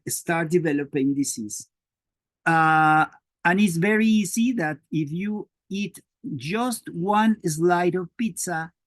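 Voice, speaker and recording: A man from Mexico whose first language is Spanish, giving an academic lecture on biochemistry in a halting way with many fillers and restarts. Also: a little high, no echo.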